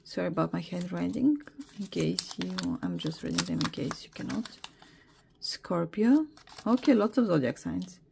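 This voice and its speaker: A woman's voice: lowish voice, wildly swooping pitch, normal speed, vocal fry, noisy background. Hesitant, apologetic woman tarot reader. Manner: hesitant, apologetic, many fillers. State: emotional, teary. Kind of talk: casual tarot reading.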